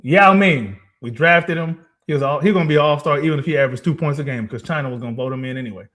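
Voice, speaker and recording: A man's voice: a little high, quick pace, fairly bright tone. A man co-hosting a casual sports podcast, arguing emphatically with rhetorical questions and frequent laughter. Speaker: podcast co-host.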